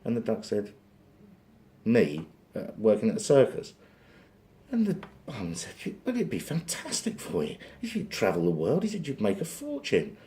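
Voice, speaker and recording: A man's voice: fairly low pitch, huge pitch swings, moderate pace, warm tone. A man from England telling a long shaggy-dog joke in a meandering way, with self-interrupting asides. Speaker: joke teller.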